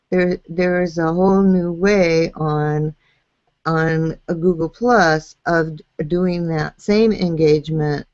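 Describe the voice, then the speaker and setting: Female show host, slow and low-pitched, encouraging; dull, dry video-call sound. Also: a little mellow, dry recording. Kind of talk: hosting a live video chat show.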